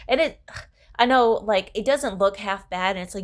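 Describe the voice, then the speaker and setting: A woman's voice: mid-range voice, moderate pace. Candid, rambling woman telling her story. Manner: candid, rambling, swears freely. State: tired. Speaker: vlogger. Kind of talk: casual storytelling to camera.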